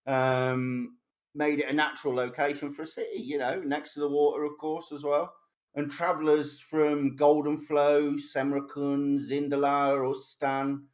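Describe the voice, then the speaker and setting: Halting man reading lore as game master. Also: on the high side. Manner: halting, reads lore aloud with many restarts. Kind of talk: narrating a tabletop game.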